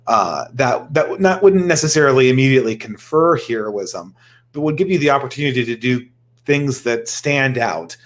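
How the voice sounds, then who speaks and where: A man's voice: mid-range voice, animated, moderate pace. Man thinking aloud in discussion. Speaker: panel guest. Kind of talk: casual discussion.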